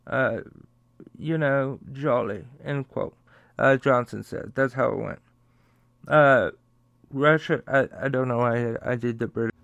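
A man's voice: medium pitch, unhurried, creaky, a bit bright, dry recording, dull audio. A man hosting his own show, giving blunt, profane commentary on the news and reading sponsor ads in a casual, offhand way. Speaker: host.

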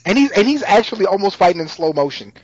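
Animated man in casual chat. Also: sits high. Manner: animated retelling, quick voices for characters. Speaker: podcast co-host recapping a TV episode. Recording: dull lo-fi recording.

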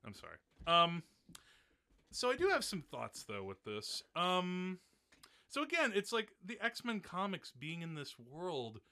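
A male podcast host in a casual film chat, with a very bright, sharp-edged voice that sits a little high. His pitch moves around in a lively way, and he fills his talk with "um" and "like" and laughs often. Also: measured pace. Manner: chatty, laughs often, lots of fillers.

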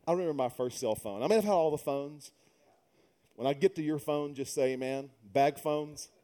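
A middle-aged pastor delivers a sermon in a slightly high, warm voice at an ordinary pace. He blends funny, conversational stories with emphatic preaching.

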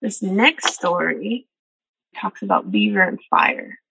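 A woman's voice: on the low side, sing-song, slow, gravelly, noisy background. A woman storyteller reading a traditional animal tale aloud and reflecting earnestly on its lessons. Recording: dull, dry recording.

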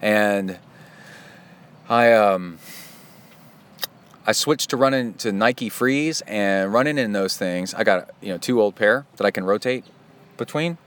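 A middle-aged man hosts a podcast with a fairly low, slightly bright, clean voice, speaking slowly and pausing often. His casual, rambling monologue is chatty and self-deprecating, drifting off into side stories.

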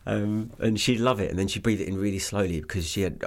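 Over background noise, a fast-talking guest with a fairly low pitch and an English accent, who owns a business, keeps the conversation casual. He rambles heavily, with many fillers and false starts.

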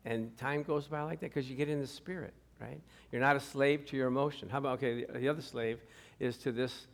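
A man's voice: medium pitch, fairly even intonation, fairly quick, creaky, a little hiss or hum. A middle-aged man preaching a sermon as pastor, telling stories and acting out the people in them, often laughing. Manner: storytelling, acts out quoted people, laughs often.

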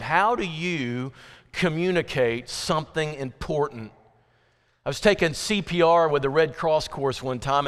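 A man's voice: fairly high pitch, a bit bright, clear, resonant tone, in a large hall. A man preaching a sermon in a conversational, emphatic way, full of rhetorical questions. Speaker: pastor.

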